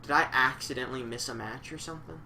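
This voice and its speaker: A man's voice: mid-range voice, fast talker, gravelly, bright, forceful tone. A young man livestreaming a wrestling game, joking and swearing casually as he commentates. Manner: joking, profane, rambling. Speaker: streamer and commentator.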